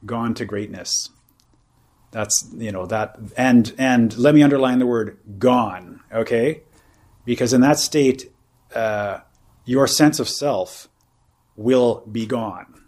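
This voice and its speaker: A man's voice: mid-range voice, slow pace, a little mellow. A man teaching meditation at a retreat, speaking in a casual, rambling way with many fillers such as "you know" and "like". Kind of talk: informal dharma talk at a retreat.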